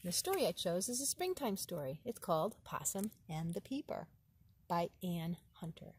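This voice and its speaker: A woman, a preschool teacher, reading a children's storybook outdoors in the woods. She reads in a gentle, clear and expressive way. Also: on the low side, moderate pace.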